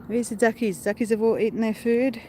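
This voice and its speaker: A woman live-streams a casual walk through a park, holding her phone and rambling to viewers in a chatty, distractible way. Her voice is fairly high and a little mellow, with fairly even intonation and a fairly quick pace; faint outdoor noise is present.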